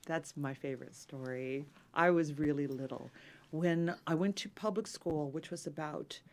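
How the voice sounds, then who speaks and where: Animated mezzo-soprano woman telling stories. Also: deep voice, moderate pace. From Los Angeles. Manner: animated, warm storytelling with lively acted quotes. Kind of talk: interview, personal storytelling.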